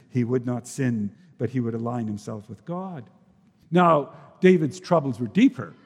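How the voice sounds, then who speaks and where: A man preaching a sermon earnestly, his voice swinging between forceful emphasis and sudden low, hushed drops. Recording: long reverb of a large hall.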